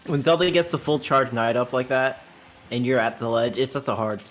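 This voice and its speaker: A man giving casual color commentary on a fighting-game match, explaining plays in a relaxed way and laughing easily. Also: mid-range voice, brisk. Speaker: esports co-commentator.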